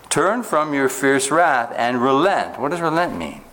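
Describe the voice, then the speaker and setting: A man preaches in a mid-range voice, teaching from scripture. He reads verses slowly and keeps turning to his listeners with rhetorical questions. Faint background noise sits under his voice. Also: mid-range voice, very animated, a bit bright. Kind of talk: sermon, Bible teaching.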